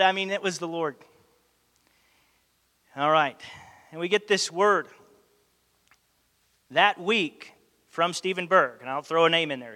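A man preaching a sermon, telling a story animatedly and acting out the dialogue. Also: sits high. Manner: animated, acts out quoted dialogue. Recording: long hall reverb.

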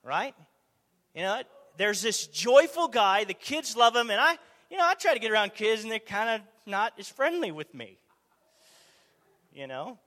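A man preaching a conversational sermon, animated, asking the audience rhetorical questions, in a church or meeting hall. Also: high voice, normal speed. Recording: long hall reverb.

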